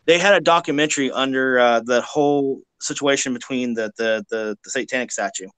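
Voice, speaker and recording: A man's voice: medium pitch, brisk, clear, resonant tone, dry recording. A man from Kentucky with a Southern accent, talking bluntly and with lots of swearing in a casual live-stream chat, often repeating words as he goes. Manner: blunt, profane, laughs loudly, stammers with repeated words.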